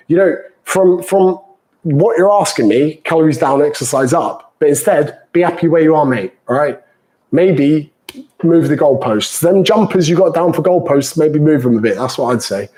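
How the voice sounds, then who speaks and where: A man's voice: on the high side, a little fast, darkish tone, rough recording. A British man, a fitness coach, answering viewer questions live in a chatty, banter-filled way and calling people mate.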